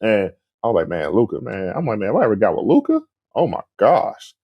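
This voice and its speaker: A man's voice: fairly low pitch, fairly quick, breathy edge, no room sound, dull audio. A man casually telling a story, acting out quoted dialogue with lots of "like" and "man". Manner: animated, acts out quoted dialogue, frequent "like" and "man". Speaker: guest recounting a story.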